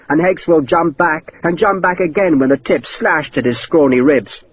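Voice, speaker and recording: A man narrating an audiobook in a dramatic, expressive way. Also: a little high, normal speed, hardly any pauses, husky, low-quality recording. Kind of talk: scripted narration.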